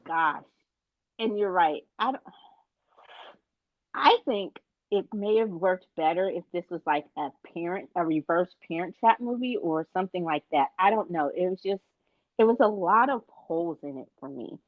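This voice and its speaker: A woman's voice: on the low side, expressive, moderate pace, dry recording, narrow, tinny audio. A woman co-hosting a casual movie podcast, talking things over and asking her co-host questions. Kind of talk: casual movie review chat.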